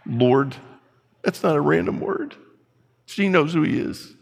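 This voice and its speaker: A man's voice: mid-range voice, animated, a little slow, creaky, in a large hall. A man preaching a sermon in an emphatic, conversational way, asking rhetorical questions.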